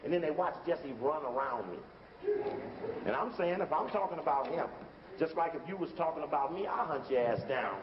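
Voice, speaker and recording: A man's voice: on the high side, lively intonation, normal speed. A man lecturing with commentary over video footage, emphatic and conversational, often repeating himself. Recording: dull recording from a hall with faint hiss.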